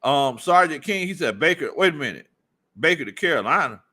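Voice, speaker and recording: A man hosts a loose sports stream, reading chat comments aloud between big bursts of laughter. His voice sits fairly high and bright, and it swings widely as he talks. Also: fairly quick. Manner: laughs often, loud animated outbursts. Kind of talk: casual livestream chat reading viewer comments.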